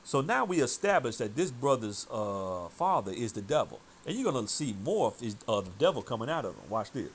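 Preacher, male, scolding and fiery, pitch swings a lot. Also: big pitch swings, brisk, hardly any pauses, slight background noise. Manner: fiery, scolding, quotes scripture loudly. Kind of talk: preaching commentary over a debate clip.

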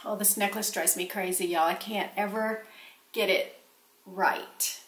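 Casual vlogger, woman, bright tone, bubbly and gushing; camera on a table, echoey room. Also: medium pitch, steady tone, measured pace. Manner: gushing, chatty, exclaims over cute things. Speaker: vlogger showing purchases. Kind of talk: casual haul chat to camera. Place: home office, indoors. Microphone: camera set on a small table.

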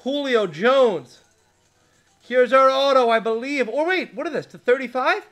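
A man hosting a live card break, reading out player names and shouting with excitement over big pulls. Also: extremely high pitch, a little slow, faint music behind. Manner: reads out player names one by one. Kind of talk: live card-opening stream.

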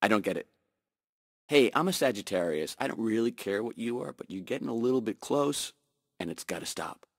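A man's voice: lowish voice, animated, a little fast, dry recording, clean studio sound. A man voicing an uneasy bystander in a video game, awkwardly telling someone to back off. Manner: annoyed, awkward, defensive.

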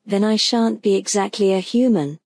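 A woman reading the part of a small, timid boy in a bedtime storybook, soft and hesitant. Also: medium pitch, normal speed, no echo, lightly acted.

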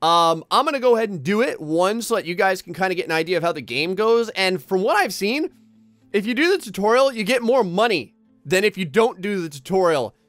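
A man's voice: high-pitched, sing-song, brisk, fairly bright tone, no room sound, soft background music. A young man doing casual, jokey gameplay commentary, rambling and talking straight to his viewers. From New Jersey, United States. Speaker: gaming YouTuber.

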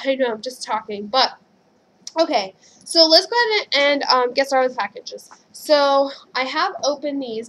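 A young woman chatting casually in a vlog, gushing and squealing with excitement over gifts. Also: a little high, slight background noise. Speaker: vlogger.

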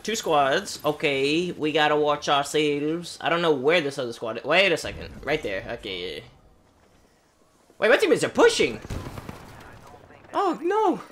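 Male gaming streamer, high voice that swings widely, playful taunting commentary, faint clicks in the background. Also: a little slow, pauses often. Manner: animated, taunts enemies, talks to himself. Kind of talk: live gameplay commentary.

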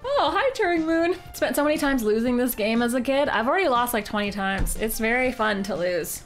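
A woman's voice: fairly high pitch, lively intonation, a little fast, soft background music. A woman streamer playing an old adventure game, reading its text aloud with playful jokes. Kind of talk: casual game livestream commentary.

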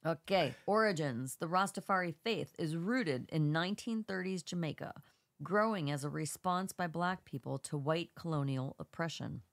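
A woman's voice: low voice, creaky, dry recording. A woman co-hosting a podcast with a congested voice, reading an article aloud with small stumbles and brief asides. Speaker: podcast co-host.

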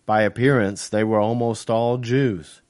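Man reading his own novel, steady. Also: fairly low pitch. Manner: steady, measured first-person reading. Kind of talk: audiobook narration.

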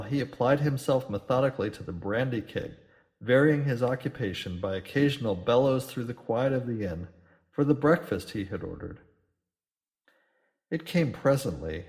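A man reading a classic adventure story aloud as audiobook narrator, in a measured storytelling manner. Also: medium pitch, a little mellow.

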